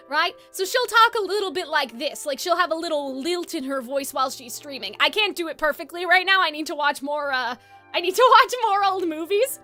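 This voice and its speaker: Woman streamer, very high and sharp-toned; chatty, rambling, self-correcting live talk. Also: expressive, normal speed, faint music behind. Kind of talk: casual live-stream chat.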